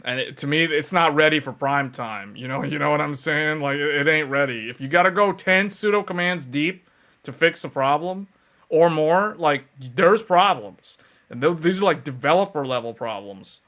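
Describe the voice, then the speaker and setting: Animated, exasperated male tech host. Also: on the high side, moderate pace. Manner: animated, exasperated, lots of fillers. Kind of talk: casual livestream chat.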